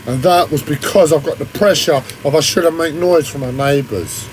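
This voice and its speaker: Brief: man ranting on a stream, whiny and strained, slightly high voice, faint noise behind. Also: normal speed, poor audio. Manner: agitated, heavy swearing, rambling. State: strained throat. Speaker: livestreamer. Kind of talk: ranting monologue.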